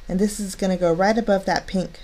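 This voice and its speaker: A woman's voice: medium pitch, fairly even intonation, a little fast, warm tone. A cheerful, chatty woman talking through each step of a card-making craft tutorial. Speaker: crafting channel host.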